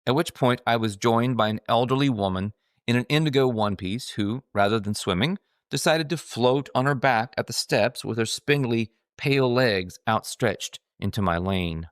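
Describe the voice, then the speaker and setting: A man's voice: medium pitch, moderate pace, smooth, no room sound, clean studio sound. A man reading his own humorous memoir aloud, in a wry, dryly self-mocking storytelling style. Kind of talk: scripted storytelling narration.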